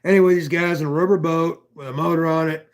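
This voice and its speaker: A man from northwestern Pennsylvania spins a long, rambling story in a fairly high voice. He swears freely and keeps drifting into side remarks. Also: fairly even intonation, fast talker. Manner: rambling and profane, with many asides. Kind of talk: casual chat, telling a long story.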